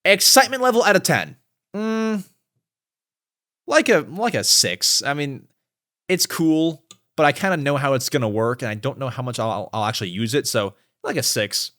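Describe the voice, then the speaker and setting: A young man hosting a podcast in casual chat, animated, swinging between loud outbursts and low mutters. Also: moderate pace. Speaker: podcast host.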